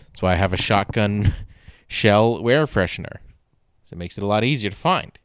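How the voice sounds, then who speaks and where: Man, young adult, lowish voice, smooth clear tone, dry close sound, rambling exasperated storytelling. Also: brisk, no echo. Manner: rambling, exasperated, swears casually. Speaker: podcast host. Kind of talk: comedic storytelling.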